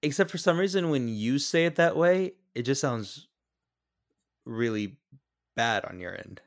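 Male podcast co-host, young adult, mid-pitched voice, joking banter, casual storytelling. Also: unhurried, creaky. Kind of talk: casual movie podcast chat.

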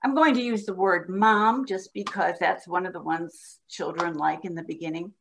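A woman guest on a podcast, patiently explaining how to teach a child to read, sounding out words slowly as she demonstrates. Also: on the low side, steady tone, creaky, a little hiss or hum. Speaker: guest reading educator. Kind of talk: instructional podcast talk.

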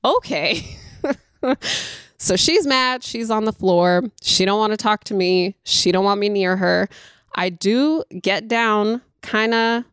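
A mother who homeschools, telling a story in a chatty, animated way and talking straight to her listeners. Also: mid-range voice, unhurried, clean tone, dry recording, clean studio sound. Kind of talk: casual storytelling monologue.

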